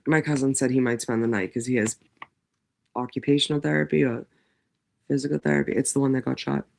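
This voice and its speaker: A man's voice: medium pitch, fairly even intonation, fairly quick, gravelly. Profane rambling livestream host man. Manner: rambling and heavily profane, many fillers. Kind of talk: casual livestream monologue.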